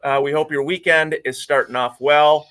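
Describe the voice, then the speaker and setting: A man hosting a live radio talk show from a studio, upbeat and often filling pauses with "uh". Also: fairly high pitch, steady tone, fairly bright tone. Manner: upbeat, with frequent filler "uh"s.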